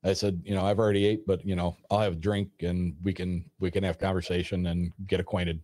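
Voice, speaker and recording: A man casually retelling a personal story in a rambling, animated way, acting out the dialogue as he goes. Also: sits low, a little fast. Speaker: storyteller guest.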